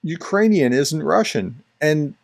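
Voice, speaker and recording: A man's voice: a little high, expressive, slow pace, vocal fry. A man, a professor, giving casual spoken commentary on video clips, talking conversationally and often restarting or repeating his words. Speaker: professor explaining disinformation.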